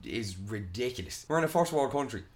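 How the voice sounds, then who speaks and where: A man's voice: mid-range voice, expressive, fairly quick, a crowd in the background. A young Irish man ranting in a casual podcast chat, swearing a lot and retelling arguments. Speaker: podcast host.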